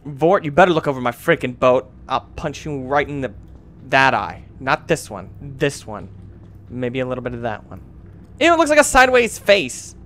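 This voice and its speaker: A man's voice: medium pitch, moderate pace, a bit bright. A man giving goofy, mildly crude commentary while playing a video game. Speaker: gamer. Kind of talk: gameplay commentary. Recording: noisy, with game sound behind.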